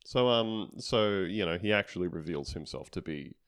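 A man with a fairly low voice chats casually through a comedic episode recap. He rambles, restarts, and peppers it with jokes and filler words. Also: lively intonation, normal speed, a bit bright, smooth. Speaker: podcast co-host recapping a TV episode.

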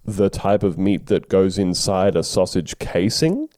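Man, Australian accent, podcast co-host, rambling and sweary, lively pitch, mellow tone. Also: a little slow, no echo, studio quality. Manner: laid-back, sweary, rambling. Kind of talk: casual chat.

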